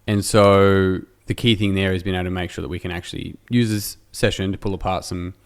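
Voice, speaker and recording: A man's voice: deep voice, steady tone, brisk, clear, resonant tone. An Australian man hosting a podcast in a casual, rambling way, correcting himself and joking with his guest. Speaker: podcast host. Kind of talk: casual conversational interview.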